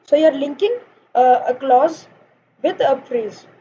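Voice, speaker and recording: Young woman, high mellow voice, patient grammar teacher, lo-fi home recording. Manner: explains slowly with examples, fillers and "guys". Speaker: online English teacher. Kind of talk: informal grammar lesson. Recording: dull lo-fi sound with faint noise.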